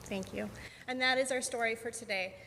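A woman reading a picture book aloud to children at a worship service, gentle and unhurried. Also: a little high, steady tone. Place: church sanctuary. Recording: echoey sanctuary, faint hum.

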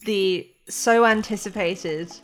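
A woman's voice: medium pitch, slow, soft background music. A woman narrating a tabletop game as game master in a chatty, loose way full of fillers.

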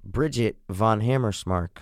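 A man's voice: fairly low pitch, measured pace, dry recording, studio quality. A young man co-hosting a podcast in casual chat, playing a movie guessing game and talking in a profane, insistent way. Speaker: podcast co-host.

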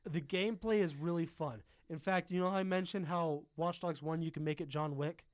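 A man's voice: fairly high pitch, a little fast, no room sound. Profane, rambling man chatting about games. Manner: rambling, profane, laughs often. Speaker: podcast co-host. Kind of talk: casual chat about video games.

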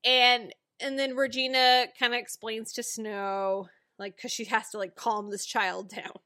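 Bright-voiced woman recapping excitedly. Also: on the high side, measured pace. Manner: animated recapping, swearing, playful voices for quotes. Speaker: podcast co-host. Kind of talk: casual chat.

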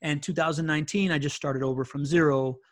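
A man guesting on a podcast, telling stories in an animated, casual way full of fillers and "right?" tags. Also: on the high side, quick pace, no echo, studio quality. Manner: animated, filler-heavy, keeps asking "right?". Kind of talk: casual interview storytelling.

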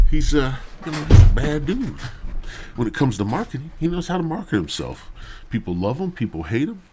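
A man hosting a podcast who rambles through a crude, mock-serious comedic story on a podcast mic. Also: lowish voice. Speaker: podcast host. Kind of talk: profane comedic rant.

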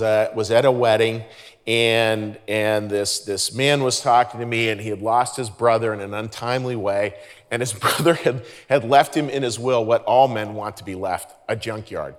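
A man preaching a sermon as pastor. He talks earnestly and conversationally, often restarting his sentences. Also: medium pitch. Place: large church hall. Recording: reverberant church hall.

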